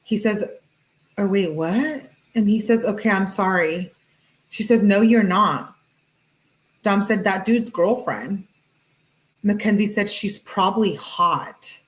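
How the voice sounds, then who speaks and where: A woman hosting a true-crime channel, reading text messages aloud in a flat, casual way with "she says, he says" tags and chatty asides. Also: medium pitch, slow, long pauses, poor audio.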